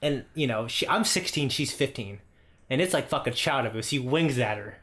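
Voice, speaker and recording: A man's voice: mid-range voice, moderate pace. A man in his thirties, a podcast co-host, telling a long personal anecdote in a casual, profane style, checking in with "okay?" as he goes. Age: 30s. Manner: profane, animated anecdote with frequent "okay?" asides. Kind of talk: casual storytelling.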